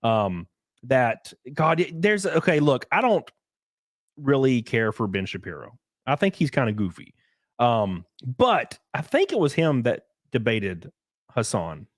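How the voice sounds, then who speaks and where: A young man hosting a podcast, chatting casually in an animated, ranting way and mocking others' voices. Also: medium pitch, measured pace, no room sound, clean studio sound. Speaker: podcast host. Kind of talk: casual opinionated chat.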